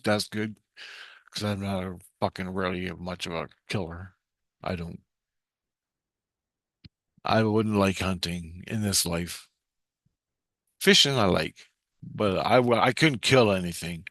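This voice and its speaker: A man telling a rambling, profanity-laced story in a vlog, getting excited and then dropping low. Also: a little slow, pauses often, no echo, studio quality. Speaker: vlogger recounting a vision. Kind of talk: rambling spoken monologue.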